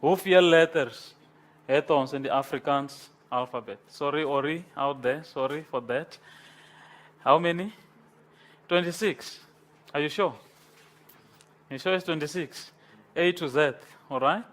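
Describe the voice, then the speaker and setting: A man's voice: fairly high pitch, fairly bright tone. A man lecturing a class, repeating key words, mixing in Afrikaans and quizzing students. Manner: slow, repetitive, switches between English and Afrikaans, asks the class questions. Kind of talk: university lecture. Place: lecture room.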